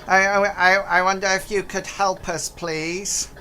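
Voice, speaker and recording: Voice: level tone, a little slow, sharp tone, slight background noise. A game master voicing a group of nervous, bumbling little space goblins who stammer and plead. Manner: stammering, pleading, high-pitched.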